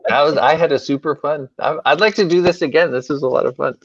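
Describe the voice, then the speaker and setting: Casting note: male writer, animated and self-deprecating, dull lo-fi audio. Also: a little high, fast, dry recording.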